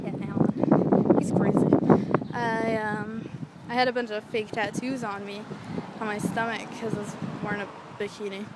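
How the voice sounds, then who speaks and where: A young woman telling a rambling, excitable story in a casual vlog, swearing freely, recorded outdoors near a street. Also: mid-range voice, moderate pace. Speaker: vlogger. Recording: traffic noise from outdoors.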